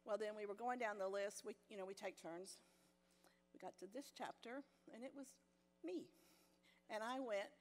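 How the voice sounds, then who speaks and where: An older woman with a fairly high voice teaches a women's Bible study. She tells a personal story with self-deprecating humor and laughs often. Her voice carries with a long echo through a church hall. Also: normal speed, a bit bright.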